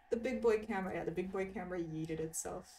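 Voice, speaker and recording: A woman giggles and chats with her audience while playing a video game on stream, responding to their messages. Her voice is lowish and dark, picked up far from the mic over the game music, with a little hiss or hum.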